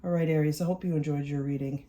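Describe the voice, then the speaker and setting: A tarot reader giving an excited, reassuring reading to viewers, often repeating lines and tagging them with "all right?". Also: medium pitch, fast talker.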